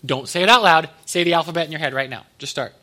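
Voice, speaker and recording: A man's voice: a little high, fast talker, bright, forceful tone. A man pastor giving a conversational sermon, with joking asides to the congregation.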